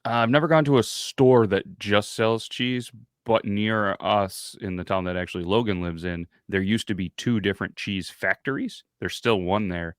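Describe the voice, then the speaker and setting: Laid back podcast guy reading stuff off the internet, lowish voice, dry sound. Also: normal speed, clean tone, no room sound. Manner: laid-back, reacts briefly, reads facts off the web. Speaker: podcast co-host. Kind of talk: casual chat.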